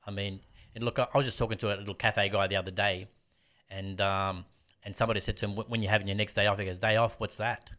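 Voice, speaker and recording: A man's voice: on the low side, fast. A man, a martial arts teacher telling stories bluntly in casual interview chat. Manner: animated storyteller, blunt.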